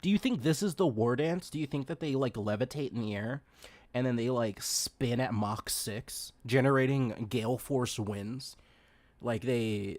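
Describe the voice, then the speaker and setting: An excitable streamer chats through a livestream reaction, gushing and giggling. The voice is mid-pitched and swoops widely up and down. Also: no echo.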